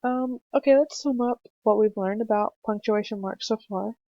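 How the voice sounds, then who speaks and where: A young woman narrating a screencast punctuation lesson for children, explaining slowly and patiently with some fillers. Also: on the high side, no room sound. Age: young adult. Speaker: student teacher presenting a lesson. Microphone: computer mic for a screencast. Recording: dry, slightly dull home mic recording.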